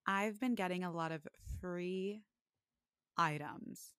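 A woman's voice: fairly low pitch, takes it slowly, smooth, no room sound, clean studio sound. Chatty young woman telling a story. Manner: chatty, full of "like", animated when quoting others. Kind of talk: casual storytelling chat.

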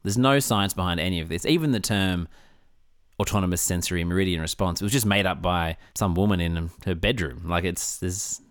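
A man's voice: deep voice, a little fast, smooth, no echo, studio quality. A man co-hosting a podcast, blunt and joking, laughing easily. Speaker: podcast co-host. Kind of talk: casual chat. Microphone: studio microphone.

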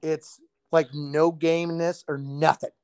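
A man's voice: fairly high pitch, flat delivery, unhurried, a little mellow, clean tone, dry recording. A man in casual podcast chat, laid-back and profane, telling hunting and cooking stories. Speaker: podcast co-host.

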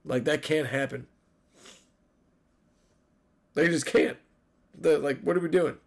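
Gravelly guy ranting and swearing about football on his podcast, kinda high voice. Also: takes it slowly. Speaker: podcast host. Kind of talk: solo sports recap podcast.

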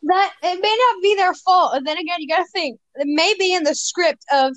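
A woman's voice: very high voice, a little fast, fairly bright tone, no room sound, lo-fi sound. A woman co-hosting a casual podcast chat, teasing and joking with a giggly manner. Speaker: co-host.

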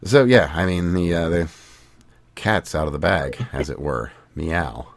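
A man with a very deep voice talks bluntly on a podcast. His pitch swings widely, and he swears freely to punch up his points. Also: expressive, moderate pace. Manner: blunt, emphatic and profane. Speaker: podcast co-host. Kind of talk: casual podcast chat.

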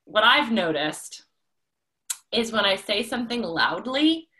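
A woman's voice: medium pitch, big pitch swings, unhurried, pushed and bright. A woman co-hosting a casual chat, speaking candidly and reflectively about her own habits.

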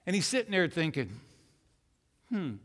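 Male pastor, animated sermon, loud then hushed, slow delivery, church hall reverb. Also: on the high side. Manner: animated, acts out God's voice, swings from loud to hushed.

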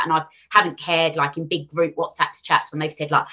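A woman talks fast and casually as a podcast guest, acting out the people she quotes. Her voice sits fairly low but has a bright, forceful edge. She rushes from one thought to the next. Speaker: guest, finance author.

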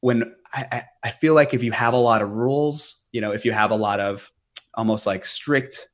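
A man's voice: medium pitch, moderate pace. A man who runs a business, a guest on a podcast, explaining his methods earnestly with frequent fillers and restarts. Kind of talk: podcast interview.

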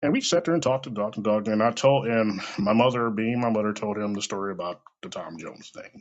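A middle-aged man from the United States tells a personal story in a casual monologue, speaking fairly quickly at a fairly low pitch. He's animated, swearing, laughing and acting out what people said. The recording is dull and lo-fi.

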